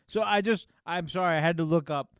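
A man co-hosting a comic book podcast, chatting casually with dry, deadpan jokes. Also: fairly high pitch, brisk, no echo. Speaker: podcast co-host. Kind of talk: casual chat.

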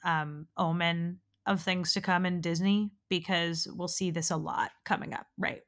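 A woman co-host in casual conversation about an old animated film, her voice sitting a little low for a woman. She talks in an animated way, laughs often and swears without care. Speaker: podcast co-host. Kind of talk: casual film discussion chat.

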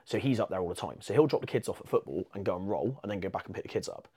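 A quick, animated English man spinning anecdotes in a relaxed podcast conversation. His voice sits on the low side and the words tumble out fast, often breaking into laughter. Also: slightly rough. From England. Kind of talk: casual podcast chat.

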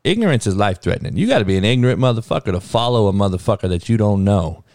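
Middle-aged coach from Compton, low voice, dry close sound, heated blunt rant full of swearing. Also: male voice, sing-song, racing, a little mellow, no room sound. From Compton, California. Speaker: football coach and podcast host. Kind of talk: profane ranting monologue.

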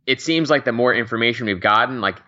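A man's voice: mid-range voice, bright, forceful tone, highs cut off. A man co-hosting a sports betting podcast, chatting casually with many fillers. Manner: quick, conversational, many fillers and laughs. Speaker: podcast co-host.

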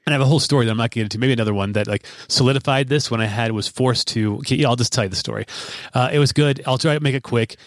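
A man's voice: mid-range voice, rapid-fire, no echo. Rambling male podcast host, dry sound. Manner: rambling, self-deprecating storytelling with frequent restarts. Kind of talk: casual podcast chat.

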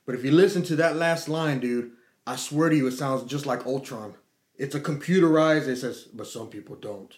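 A middle-aged man telling a story in casual chat, swearing freely and acting out quotes with lively energy. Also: a little high, moderate pace. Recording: echoey room.

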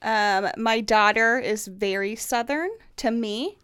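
A woman's voice: on the high side, slow pace, a bit bright, clean tone. A woman from the northern United States, a mother chatting as a podcast guest, telling stories animatedly and swearing freely. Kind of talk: casual chat.

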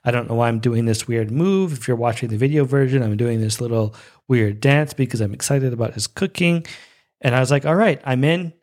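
A young man hosting a show, casually reviewing an episode with bursts of excited, high-pitched enthusiasm. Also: brisk. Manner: excitable, breaks into high-pitched squeals of delight.

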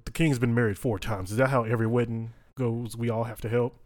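A man's voice: mid-range voice, fairly even intonation, quick pace, no room sound, studio quality. A man playing a tabletop game, hesitant with lots of filler sounds. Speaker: player.

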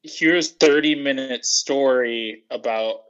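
A man doing a comedic impression of his cohost as a long-winded guy who launches quickly into a rambling story. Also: mid-range voice, fairly bright tone, clear, resonant tone, dull audio. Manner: quick, rambling, self-important.

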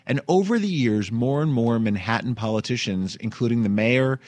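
A man's voice: medium pitch, expressive, moderate pace, few pauses, a little mellow, no echo. A man, hosting a comedic news podcast in a chatty, wry way and laughing as he talks. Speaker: podcast host. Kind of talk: casual comedic news chat.

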